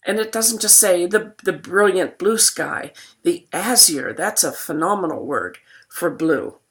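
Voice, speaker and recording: A woman teacher giving a recorded poetry lecture, losing her voice and clearing her throat, reading verse slowly and deliberately. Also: on the low side, expressive, fairly bright tone.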